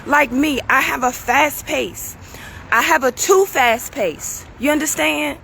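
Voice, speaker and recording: High-pitched woman, raspy and worn out, bright pushy voice, preachy casual talk, faint traffic behind. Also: slow pace. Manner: preachy, casual, keeps asking "you understand?". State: strained, tired voice. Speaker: show host. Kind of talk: motivational talk to viewers.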